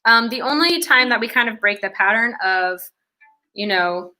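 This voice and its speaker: Bright-voiced young woman teaching fiddle. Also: on the high side, animated, moderate pace. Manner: friendly step-by-step teaching, counting beats aloud. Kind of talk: online music lesson. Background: fiddle playing.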